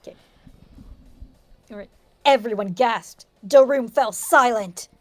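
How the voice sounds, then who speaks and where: Woman, high voice, mock-dramatic reading, laughing asides, home stream. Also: slow pace, dry recording, soft background music. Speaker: stream co-host reading aloud. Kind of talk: dramatic comedic reading of a fanfic.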